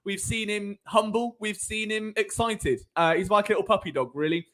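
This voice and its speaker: A man hosts a live sports talk stream, and his voice sits high for a man. He talks in an animated, sarcastic way and often wanders off on tangents. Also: normal speed. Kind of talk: live sports commentary chat.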